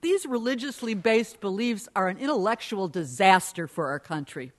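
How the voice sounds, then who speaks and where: Woman debater reading a prepared case, measured and pointed. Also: mid-range voice, lively intonation. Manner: measured, pointed argumentative delivery. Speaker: debate speaker.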